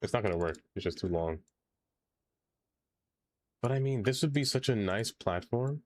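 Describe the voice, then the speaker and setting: A man's voice: on the low side, animated, moderate pace, no room sound. A man live-streaming a game, chatting playfully, thanking viewers and groaning theatrically at mistakes. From not American. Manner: playful, theatrical groans, reads chat aloud. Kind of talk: casual live-stream chat while playing.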